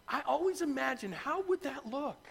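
A middle-aged man preaching a sermon, retelling a story in an animated way and acting out the voices. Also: very high voice, moderate pace, vocal fry, in a large hall. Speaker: pastor.

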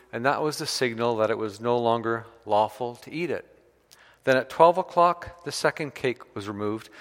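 Man, pastor, storytelling sermon, mid-pitched voice, long hall reverb. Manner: storytelling preacher, varied emphasis.

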